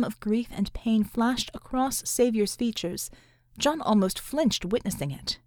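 Here a woman narrates an audiobook in an even, measured storytelling style, her voice leaning high. There's no room sound, and the quality is studio-grade.

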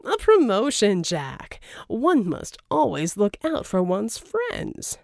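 A woman's voice: medium pitch, wildly swooping pitch, slow, gravelly, a little mellow, dry recording, clean studio sound, heavily acted. A woman voicing a smug, genteel male villain mastermind in an audiobook, speaking in a mannered, self-pleased way. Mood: indignant.

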